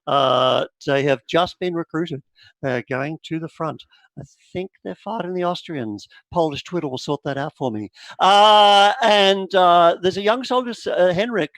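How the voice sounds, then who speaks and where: A man's voice: fairly high pitch, unhurried, dry recording. A man narrating as game master of a tabletop horror game, with lots of uh and like. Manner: animated storyteller, with many fillers.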